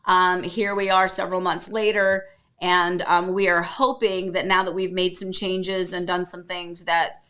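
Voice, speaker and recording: A middle-aged woman hosts a relaxed livestream from a table at home. Her voice is bright and forward, and she talks in a loose, rambling way, filling pauses with little hummed syllables. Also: lowish voice. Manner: chatty, rambling, hums filler syllables to herself. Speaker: livestream host. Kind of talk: casual livestream chat.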